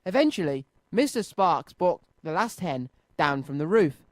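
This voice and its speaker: A man reading a children's storybook aloud on radio, lively and clear. His voice is high, and the studio sound is close and dry. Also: measured pace, no echo. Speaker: radio children's show presenter.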